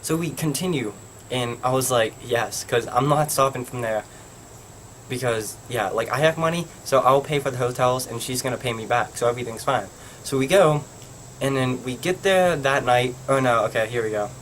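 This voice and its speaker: A man's voice: medium pitch, moderate pace, a bit bright, slight background noise. A young man from Pennsylvania telling a rambling story for his vlog, filling it with "like". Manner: rambling, heavy use of "like". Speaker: vlogger.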